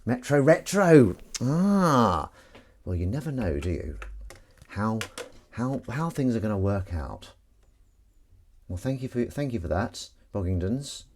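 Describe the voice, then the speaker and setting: A man's voice: on the low side, big pitch swings, unhurried, mellow, a little hiss or hum. A man live-streaming, chatting casually and rambling to himself and his viewers with self-mocking asides.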